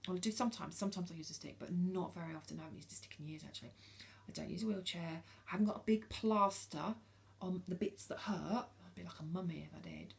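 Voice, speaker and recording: A British woman in her forties speaks frankly to camera in a low, gravelly voice. She hesitates often, filling gaps with ums and restarting her sentences as she talks. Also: fast, hardly any pauses. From United Kingdom. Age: 40s. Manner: frank and earnest. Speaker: vlogger. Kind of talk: casual talk to camera.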